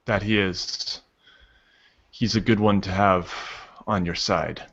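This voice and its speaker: A dutiful, secretive warrior with a very low, slow voice, as a man plays him at the table. He speaks haltingly and earnestly, on a dull lo-fi recording. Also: steady tone, a bit bright, husky, full character voice. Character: troubled elf-raised man, dutiful and secretive.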